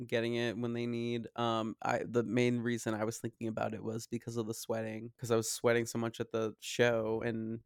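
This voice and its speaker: This is a man co-hosting a podcast, chatting in a rambling, gossipy way and circling through fillers as he talks. His voice sits at an ordinary middle pitch. It is recorded dry and close, with no room sound. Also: completely flat delivery, moderate pace, hardly any pauses, smooth, no echo. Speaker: podcast co-host. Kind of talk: casual chat.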